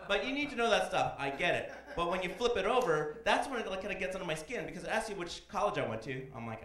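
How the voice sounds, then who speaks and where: A man in his thirties performing a stand-up comedy set on a club stage, animated and slipping into loud voices for his characters. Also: high-pitched, fast, few pauses, slight background noise. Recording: echoey club room.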